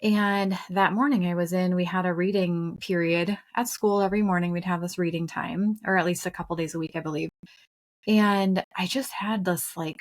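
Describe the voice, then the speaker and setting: A woman's voice: fairly low pitch, steady tone, normal speed. A woman in her thirties co-hosting a spiritual podcast, telling a personal story in an earnest, chatty way with playful asides. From Minnesota. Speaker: podcast co-host.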